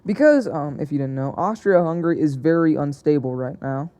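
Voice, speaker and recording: Young male narrator, soft dark tone, chatty and unpolished, stumbling and fixing his words as he goes. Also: on the high side, animated, brisk, clean tone. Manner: hesitant, self-correcting, chatty. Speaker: narrator of an alternate-history map video. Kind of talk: casual unscripted narration.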